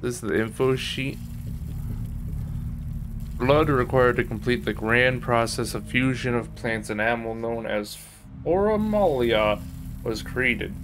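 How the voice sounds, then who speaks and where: A man's voice: medium pitch, unhurried, pauses often, background noise. A man streaming a game live, swearing freely as he plays and reading the game's text aloud. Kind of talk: live gameplay commentary.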